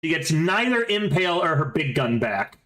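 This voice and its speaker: A man running a tabletop game, explaining rules and narrating the fight. His voice is bright and fairly high. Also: big pitch swings, normal speed, poor audio. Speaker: game master.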